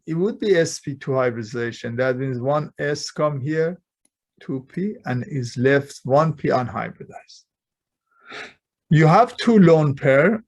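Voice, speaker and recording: Upbeat man lecturing, firing questions at students. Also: fairly high pitch. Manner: quizzes students with frequent rhetorical questions; non-native grammar, dropped plurals and articles. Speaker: chemistry lecturer. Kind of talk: classroom lecture. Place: lecture hall.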